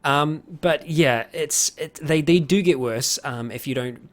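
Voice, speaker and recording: A man's voice: fairly high pitch, a little slow, soft background music. A man chatting casually on a live stream, answering viewer questions with lots of fillers, restarts and chuckles. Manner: rambling, many fillers and restarts, chuckles often.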